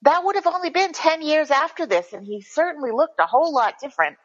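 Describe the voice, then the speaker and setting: A woman's voice: sits high, expressive, fast talker. A woman co-hosting a podcast in casual chat, candid and rambling, often restarting her sentences. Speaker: podcast co-host. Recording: dull lo-fi audio.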